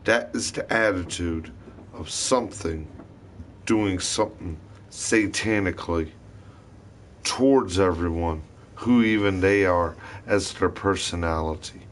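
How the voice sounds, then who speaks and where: A man's voice: low voice, unhurried, a little hiss or hum. Man in a rambling, profane monologue. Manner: profane, wandering storytelling.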